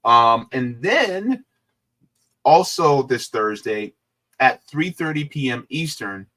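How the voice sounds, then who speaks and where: Male livestream host, loose and chatty, middle pitch. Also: sharp tone. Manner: chatty, loose and rambling, with frequent fillers. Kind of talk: casual livestream chat.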